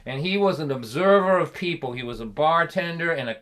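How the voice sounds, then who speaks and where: A man in his sixties with a Boston accent telling comic stories on a livestream, animated and punchy, laughing at his own lines. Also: a little high, brisk. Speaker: folk singer and storyteller.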